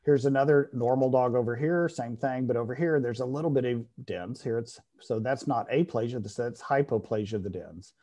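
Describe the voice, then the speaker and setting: Middle-aged male lecturer, mid-pitched voice, explains patiently, asks "okay?" often, restarts sentences now and then. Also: a little fast, few pauses, warm tone. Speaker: veterinary radiology lecturer. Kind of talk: classroom lecture.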